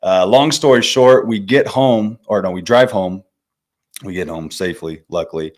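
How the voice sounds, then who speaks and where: A man in his twenties from California tells stories as a podcast guest in a casual storytelling interview, laid-back and slangy, calling the host "man" and "bro." His voice is on the low side at normal speed.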